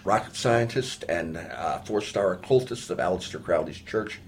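A man with a lowish voice chats casually as a guest on a talk show. He is animated and laughs easily. A faint hiss of noise sits under the recording. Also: normal speed. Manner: animated, chatty, laughs often. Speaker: guest actor. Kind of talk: casual chat.

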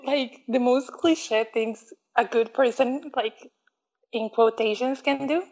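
A young woman with a fairly high voice chats her way through a movie recap. She acts out each line of dialogue and laughs often, in a loose and lively way. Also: takes it slowly, rough recording. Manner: animated storyteller who acts out quotes, laughs often. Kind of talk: casual chat recapping a movie.

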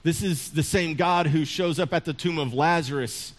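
A man's voice: fairly high pitch, moderate pace. A man preaching a sermon in a humorous, conversational storytelling way, often chuckling. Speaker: pastor.

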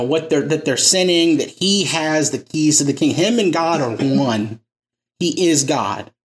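A man preaching an informal sermon as a pastor, talking loosely and conversationally and working jokes into his teaching. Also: fairly high pitch.

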